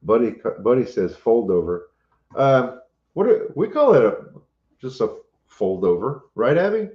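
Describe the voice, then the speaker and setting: A man's voice: mid-range voice, very animated, a little slow. A man hosting a casual chat, playful and teasing, laughing often. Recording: roomy, slightly dull recording.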